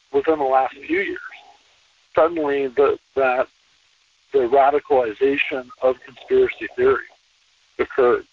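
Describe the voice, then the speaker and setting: A man talking as a podcast guest in a relaxed conversational interview, emphatic and repeating phrases to drive points home. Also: mid-range voice, slightly rough, no room sound. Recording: distant, tinny phone-line sound.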